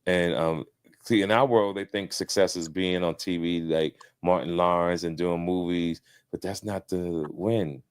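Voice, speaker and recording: Animated deep-voiced man telling stories. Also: normal speed, clean tone. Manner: animated storyteller, swears freely. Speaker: podcast guest. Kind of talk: casual podcast chat.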